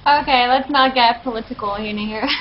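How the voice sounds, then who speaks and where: A woman's voice: on the high side, normal speed, highs cut off, a little hiss or hum. Giggly French Canadian woman streaming a game. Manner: giggly, chatty. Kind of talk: casual gameplay commentary.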